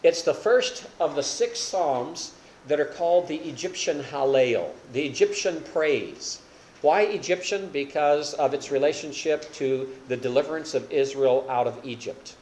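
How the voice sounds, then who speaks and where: A man's voice: fairly high pitch, unhurried, a little mellow, slight background noise. An older man preaching a sermon as a pastor, explaining with rhetorical questions and folksy self-deprecating humor.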